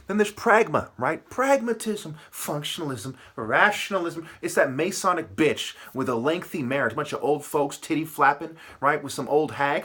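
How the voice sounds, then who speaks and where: A man's voice: medium pitch, lively intonation, normal speed, a bit bright, breathy edge. A man delivering a profane, aggressive, rambling monologue full of rhetorical questions. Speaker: vlogger.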